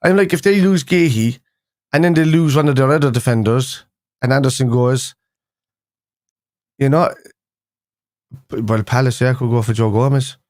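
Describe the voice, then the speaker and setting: This fan show host is a young man running a laid-back live stream, talking freely with his audience and wandering through false starts and filler words. He speaks in a mid-range, somewhat dark voice at a moderate pace, pausing often. The studio-quality audio has no room sound.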